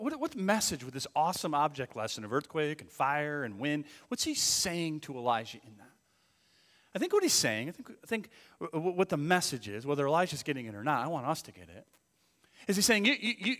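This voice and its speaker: A man preaching with lively, swooping intonation and a bright, forceful tone. He sometimes drops to a near whisper for emphasis, and his voice rings with the long reverb of a large hall. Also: fairly high pitch, brisk. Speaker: pastor. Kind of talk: sermon.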